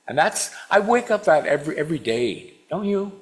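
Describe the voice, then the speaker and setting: A man's voice: sits high, big pitch swings, brisk, hardly any pauses, fairly bright tone. A man in his sixties from Washington State, giving a storytelling sermon to a congregation, asking the audience questions and acting out his younger self. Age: 60s. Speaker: guest speaker.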